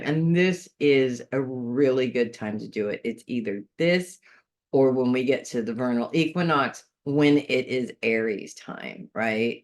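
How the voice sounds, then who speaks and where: A chatty astrologer reading a weekly horoscope. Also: medium pitch. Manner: chatty, thinks aloud, restarts phrases; earnest, advice-giving. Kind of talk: casual unscripted horoscope monologue.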